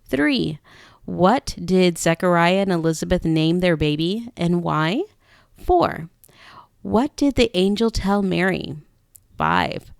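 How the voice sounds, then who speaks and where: A woman reading English lesson questions aloud slowly and clearly for learners. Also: on the low side, no room sound, clean studio sound.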